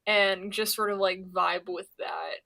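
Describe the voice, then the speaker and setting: A young woman from Pennsylvania rambles and swears during casual chat on her stream, with lots of stammered restarts. Her mid-range voice is steady, creaky, pushed, and bright, and her pace is measured.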